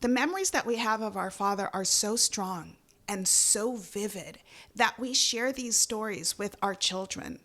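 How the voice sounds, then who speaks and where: A woman's voice: medium pitch, lively intonation, measured pace, a bit bright. A middle-aged woman from Jamaica co-hosting a podcast, telling family stories in an earnest, reflective way. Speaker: podcast co-host. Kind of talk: casual podcast chat.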